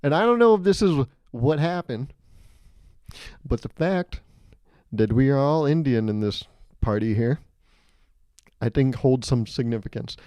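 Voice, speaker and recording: A man hosting a solo comedy podcast, telling animated, self-mocking stories and laughing mid-sentence. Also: medium pitch, measured pace, pauses often, no room sound. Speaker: podcast host.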